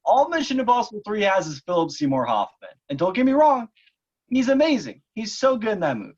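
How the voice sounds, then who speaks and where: A young man in casual chat, giving opinions with deliberate emphasis. His pitch moves in lively swings. The recording sounds dull and lo-fi. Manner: opinionated, deliberate hot takes. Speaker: podcast co-host.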